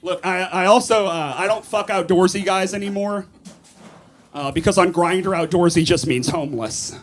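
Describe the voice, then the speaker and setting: A man doing a stand-up comedy set on a club stage, animated and shouting his punchlines, recorded live through a stage mic with audience noise. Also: high voice, moderate pace.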